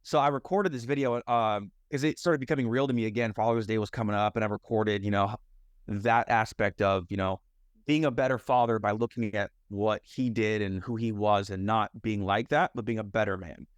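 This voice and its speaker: This podcast guest, a young mindset and fitness coach from the United States, opens up candidly about his life in a rambling way, full of "like" and "you know." His pitch is fairly low, his intonation fairly even, and his pace brisk on a dry recording.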